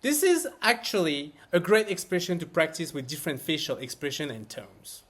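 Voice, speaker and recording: Lively, animated male French teacher. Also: a little high, normal speed. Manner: expressive, explaining each phrase with emphasis. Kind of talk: scripted lesson narration.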